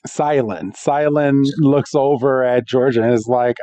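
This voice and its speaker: A man's voice: on the high side, measured pace, no room sound. A man co-hosting a podcast, recapping a cartoon episode in casual chat and acting out the characters' lines with energy. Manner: animated storyteller, acts out quotes. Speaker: podcast co-host.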